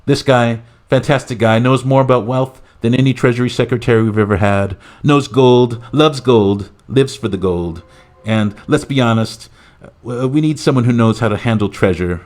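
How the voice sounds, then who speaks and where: A man doing a comic impression of a boastful, rambling male president, who talks loudly and piles on superlatives. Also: mid-range voice, moderate pace, voice pushed up, close to an everyday voice. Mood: bragging. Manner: loud bragging, repetitive superlatives. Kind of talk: comic impression in a podcast skit.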